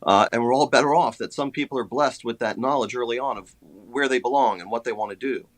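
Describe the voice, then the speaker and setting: A male author on a radio interview, his voice at a middle pitch. He answers at length, measured and thoughtful, filling his pauses with hesitations. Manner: measured, hesitant, many fillers. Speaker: author guest.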